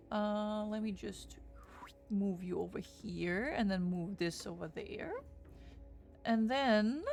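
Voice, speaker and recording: A young woman with a gravelly, fry-laden voice runs a laid-back book stream. She chats loosely and curses often, and faint music plays underneath. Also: mid-range voice. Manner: chatty, swears freely, greets chat excitedly. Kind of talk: casual livestream chat.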